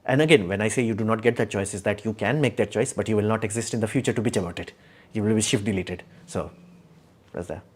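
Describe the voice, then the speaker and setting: A man's voice: lowish voice, quick pace, slightly rough. A man hosting a casual livestream, blunt and opinionated, rambling with many fillers as he answers chat.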